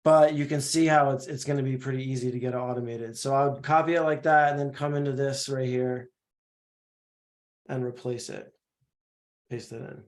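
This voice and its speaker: A man's voice: mid-range voice, fairly even intonation. A man on a video call casually walking through a screen-share tutorial, explaining step by step with small halts and restarts. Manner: casual, explanatory, a bit halting. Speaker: no-code platform expert demonstrating.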